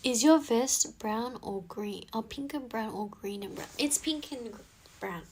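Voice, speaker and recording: A woman's voice: on the high side, measured pace, heavy background noise. A young woman whose first language is English, chatting casually on a phone live stream and answering viewer comments as she reads them aloud.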